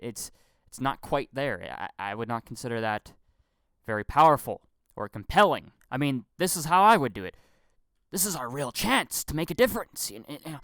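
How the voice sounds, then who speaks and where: The vlogger here has a medium-pitched, slightly bright voice, captured clean in a studio with no room sound. A young man, he rants casually about film acting, swearing often, stammering, repeating himself and doing mocking impressions.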